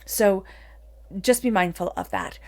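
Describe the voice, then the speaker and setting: A woman's voice: medium pitch, animated, unhurried, creaky. A woman giving a solo tarot reading in an earnest, encouraging manner, with many "you know"s. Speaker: tarot reader.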